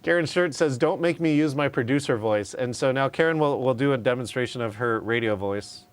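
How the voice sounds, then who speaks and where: A man's voice: medium pitch, fairly quick, clear, resonant tone. A man teaching a live online class on virtual meetings, talking conversationally and often checking in with "right?". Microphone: video call.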